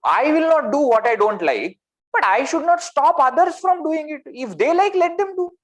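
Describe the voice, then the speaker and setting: Animated Indian English spiritual teacher. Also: male voice, very high voice, normal speed. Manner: animated, rhetorical questions, swings between loud and soft. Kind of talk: spiritual discourse. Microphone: video call.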